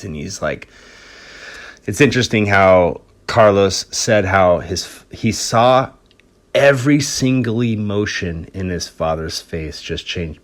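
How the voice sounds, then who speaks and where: A man hosting a podcast, telling a story in a relaxed, rambling way, swearing freely. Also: on the low side. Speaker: podcast host.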